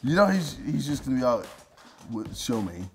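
A man's voice: medium pitch, sing-song, normal speed, darkish tone, slight background noise. A young man chatting casually on a video, laughing often and teasing with slang. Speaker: video host. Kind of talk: casual chat.

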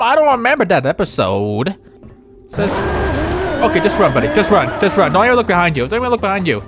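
A young man playing a horror game and reacting loudly, yelping and swearing at scares, then rambling through a recap. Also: high voice, fast, over music. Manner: excitable, yelps and swears at scares; rambling, self-correcting outro recap. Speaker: gaming YouTuber. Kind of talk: reactive gameplay commentary.

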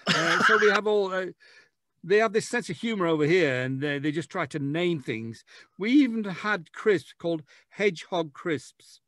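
Man, podcast guest, jokey storyteller, fairly high voice, dry sound. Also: lively intonation, moderate pace, a bit bright, no echo. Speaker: guest author. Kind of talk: casual podcast chat.

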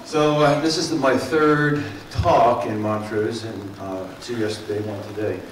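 A man's voice: medium pitch, fairly even intonation, measured pace, far from the mic. A middle-aged man with a Philadelphia and South Jersey accent speaks to a community forum in a loose, rambling way, with plenty of fillers and restarts. He stands well back from the mic, and his voice rings around an echoey meeting room. A faint room hum sits underneath. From Mid-Atlantic US. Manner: folksy and rambling, with many fillers and self-corrections. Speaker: water district speaker. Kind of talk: public talk to a community forum.

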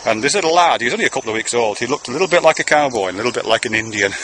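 A man's voice: medium pitch, animated, very fast, background noise. A man talking to his son in a meandering, conversational monologue, swearing casually now and then. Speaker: father speaking to his son. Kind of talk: rambling monologue to camera.

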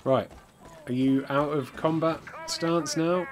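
A man's voice: a little high, steady tone, slow pace, a little hiss or hum. A man streaming live gameplay commentary, jokey and sarcastic, swearing often.

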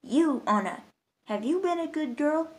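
Woman reading as a big old saint, loud and stately, kind. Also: high voice, animated, a little slow, voice pushed up. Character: towering kindly old saint, grand.

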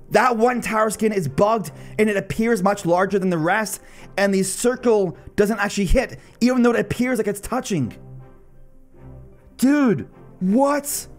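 A man giving live commentary over his own mobile game matches, casual and excitable, often breaking into loud disbelieving shouts. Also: very high-pitched. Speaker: gaming channel host.

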